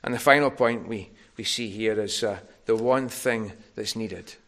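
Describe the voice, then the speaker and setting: A man's voice: on the low side, measured pace, a bit bright. A man preaching a sermon, earnest and tender, building to emphatic peaks.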